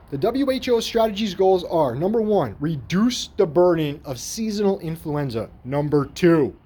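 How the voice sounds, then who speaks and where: A fairly high-voiced man rants through online articles, his voice full of swearing and disbelief. He jumps between reading headlines aloud and tearing into them in rough, casual commentary. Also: a little mellow. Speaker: commentary vlogger. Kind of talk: ranting screen-share commentary.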